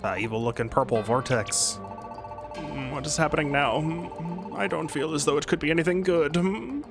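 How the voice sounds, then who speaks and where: A man's voice: a little high, moderate pace, over music. A man co-hosting a let's play, reading game dialogue aloud with earnest drama.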